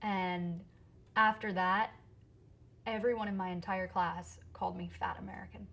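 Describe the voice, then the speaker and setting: A woman singer-songwriter chatting as an interview guest, lively and quick to laugh, recorded in a theater. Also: fairly low pitch, creaky. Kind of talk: casual interview chat. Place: theater stage.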